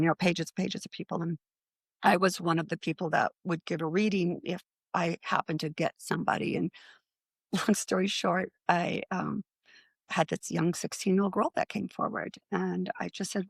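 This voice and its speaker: A middle-aged woman, a guest on a podcast, telling animated stories and acting out the quoted lines. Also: lowish voice, vocal fry, no echo. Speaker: guest, psychic medium. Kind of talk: storytelling in a podcast interview.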